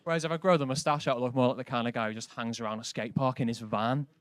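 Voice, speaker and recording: A man's voice: mid-range voice, steady tone, rapid-fire, smooth. A man doing a stand-up set on a comedy club stage, dry and conversational, full of casual asides. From Britain. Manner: dry, conversational, lots of likes.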